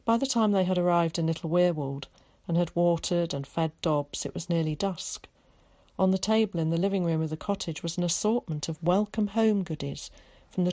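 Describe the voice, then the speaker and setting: A woman narrating a children's story in a calm, measured way. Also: on the low side. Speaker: audiobook narrator. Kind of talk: scripted narration.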